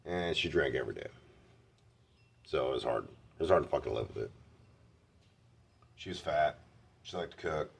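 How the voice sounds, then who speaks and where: A man's voice: very deep voice, expressive, moderate pace, creaky, pauses often, breathy edge. A man telling candid personal stories in a blunt, heavily profane way. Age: adult. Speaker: vlogger.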